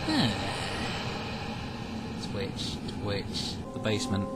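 A man giving goofy, excitable let's-play commentary with sudden loud outbursts. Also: lowish voice, drawn-out words, low-quality recording. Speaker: gameplay commentator. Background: game music.

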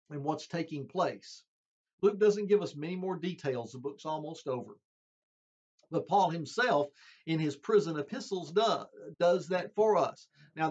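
Husky-voiced earnest male preacher. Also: a little high, a little mellow. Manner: earnest, emphatic, addresses listeners as friends. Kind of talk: sermon. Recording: dull lo-fi sound.

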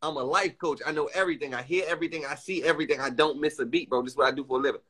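A young man streaming casual chat, excitable and teasing, laughing often and using crude slang. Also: fairly high pitch, racing, slightly rough.

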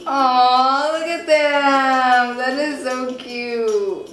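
A woman's voice: high voice, fairly even intonation, drawn-out words, a bit bright. A young woman reacting to videos with casual commentary, gasping, squealing and gushing over what she watches. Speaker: reaction vlogger. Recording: echoey room with faint music.

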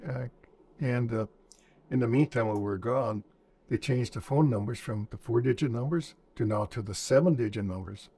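A man's voice: mid-range voice, normal speed, mellow, slightly rough. A man in his seventies, a veteran interviewee, recounting war memories in a plainspoken storytelling manner and acting out old dialogue. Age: 70s.

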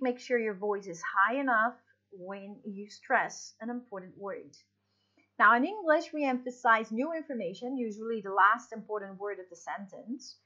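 A woman's voice: a little high, pushed and bright, highs cut off. A woman teaching English in a recorded online lesson, explaining patiently with fillers and restarts.

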